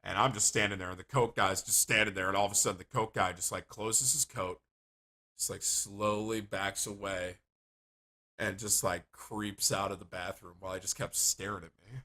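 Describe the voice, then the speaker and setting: A man livestreaming, telling rambling stories to his chat in a casual, animated way and swearing freely. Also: fairly low pitch, normal speed. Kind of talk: casual storytelling to stream chat.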